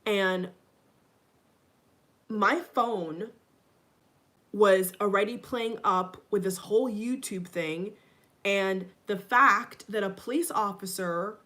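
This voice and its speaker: A woman ranting to her viewers at a phone camera in her home kitchen. She sounds rattled and angry, circling back over the same words and swearing freely, in a voice of middling pitch. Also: slow pace, pauses often, a bit bright. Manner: upset and agitated, repeats herself, swears. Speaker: vlogger. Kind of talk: casual vlog rant.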